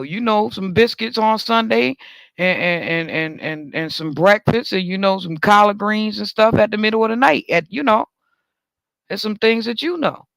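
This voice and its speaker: A man, talk show host telling a story in a casual, animated monologue. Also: gravelly, dry recording. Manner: animated, swings up high when joking about himself.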